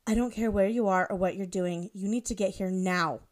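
A woman's voice: mid-range voice, fairly even intonation, fairly quick, natural voice. A woman voicing an angry, frightened young woman who speaks sharply and urgently. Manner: sharp and urgent, then muttering.

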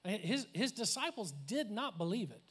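A man with a high voice preaches in a lively, conversational way. He laughs, adds asides and acts out quoted voices as he speaks. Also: moderate pace, slightly rough. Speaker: pastor. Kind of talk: sermon.

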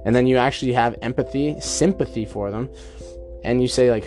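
Man, mid-pitched, talking solo on a podcast, chatty and reflective, soft music faintly underneath. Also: fairly quick. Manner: chatty, acts out imagined dialogue. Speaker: podcast host. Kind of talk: casual self-help monologue.

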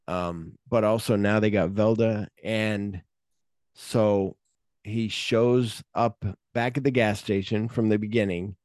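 Here a man co-hosts a podcast, his fairly low voice moving at a slow pace as he chats casually about a movie. He brings it to life by acting out scenes and humming the music cues, swearing freely, all in studio quality with no room sound.

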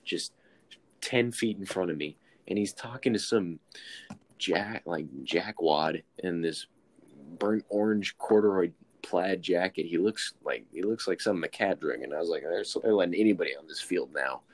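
A man's voice: low-pitched, moderate pace, no room sound. A young man from Texas, telling a self-mocking story in casual chat and acting out the quotes.

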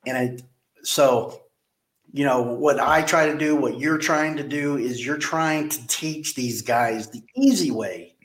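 A man with an even, mid-pitched voice tells stories from his car sales days in a relaxed interview. He rambles, repeats words and gets animated in the retelling. A roomy echo hangs around his voice. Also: slow. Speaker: car dealership general manager. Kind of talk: casual interview storytelling.

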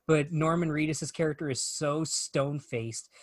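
A man on a casual chat show, recounting scenes at length in an animated, joking way. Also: fairly high pitch, moderate pace, no echo, rough recording. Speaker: podcast co-host.

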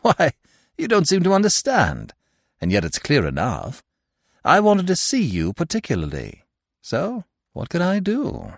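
Arsène Lupin, a man doing a teasing gentleman thief. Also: mid-range voice, huge pitch swings, a little slow, creaky, no echo, clean studio sound, voice pushed up, full character voice. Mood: playful. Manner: playful, mock-affectionate, chatty.

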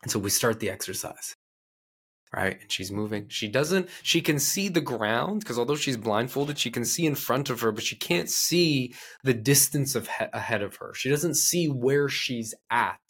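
A man, a life coach, telling a story in a casual, blunt and animated way, swearing freely. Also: medium pitch, moderate pace, breathy edge.

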